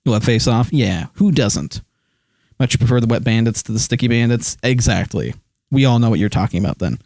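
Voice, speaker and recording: A man's voice: mid-range voice, lively intonation, fairly quick, creaky, darkish tone, no room sound. Rambling man chatting on a stream. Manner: rambling, many fillers, reads chat aloud. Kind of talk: casual live-stream chat.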